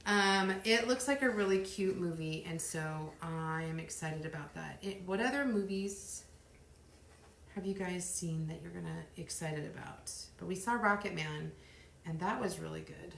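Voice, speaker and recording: A middle-aged woman hosting a live crafting stream, chatting in a rambling way and counting softly under her breath as she works. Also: on the low side, moderate pace, creaky, a little hiss or hum. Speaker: craft livestream host. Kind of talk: casual live chat while crafting. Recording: roomy echo.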